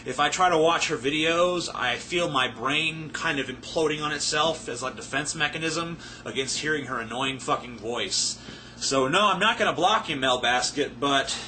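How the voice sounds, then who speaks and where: This man, a little drunk, delivers a rambling, profane and sarcastic rant to camera while responding to viewer questions. His voice is slightly high with a sharp tone, and there's a touch of hiss or hum.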